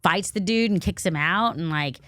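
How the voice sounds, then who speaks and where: A woman from the American South co-hosting a podcast, chatting casually and acting out characters in quick voices. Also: on the low side, dry recording, studio quality. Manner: animated, acts out characters in quick put-on voices, swears. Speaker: podcast co-host. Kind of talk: casual chat recapping dramas.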